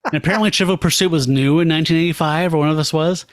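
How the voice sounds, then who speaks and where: A man's voice: a little high, very fast. A man co-hosting a podcast, casually retelling a comic story and acting out its characters' lines with laughs. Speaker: podcast co-host. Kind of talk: casual comic recap chat.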